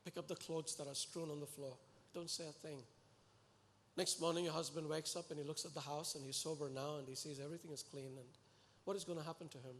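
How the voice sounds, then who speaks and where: A man preaching a sermon to a congregation, earnest and animated, pleading and exhorting his listeners. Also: on the high side, quick pace. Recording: echoey hall with long reverb.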